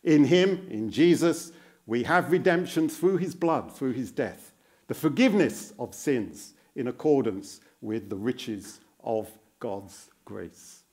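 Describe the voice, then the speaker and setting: Man, guest preacher in a church: unhurried, earnest sermon with a lively pitch, quizzing and encouraging the congregation. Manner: repeats phrases for emphasis.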